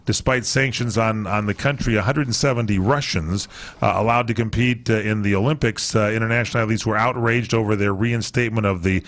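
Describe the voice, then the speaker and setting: A man's voice: lowish voice, steady tone, brisk, a bit bright. A man co-hosting a sports talk radio show, rambling with lots of fillers as he reads through a list of stories.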